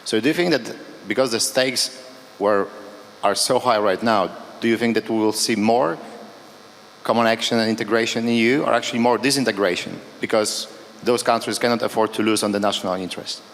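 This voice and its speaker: A man's voice: lowish voice, brisk, a bit bright. A man from Poland who asks a panel a question, searching for his words and listing points one after another, in a conference hall. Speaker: audience member asking a question. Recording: echoey hall with faint background noise.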